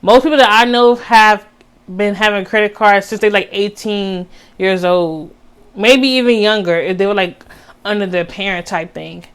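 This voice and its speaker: A young adult woman vlogs earnestly to her viewers, encouraging them, calling them "baby," and using casual Southern US slang like "y'all." Her voice is medium-pitched with a clean tone, at normal speed. The talk is heartfelt and personal.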